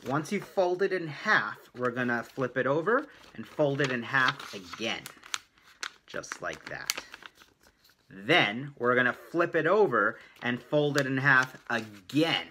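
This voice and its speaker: A man coaching children through a playful drawing lesson at his art desk, animated, with gasps and little sound effects. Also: mid-range voice, measured pace, noisy background. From Canada.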